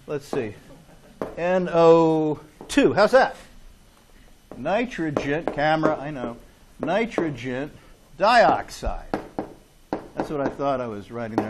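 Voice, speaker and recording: A man's voice: medium pitch, background noise. A man lecturing a chemistry class in a classroom, chatty and joking, often checking in with "okay?". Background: students in class.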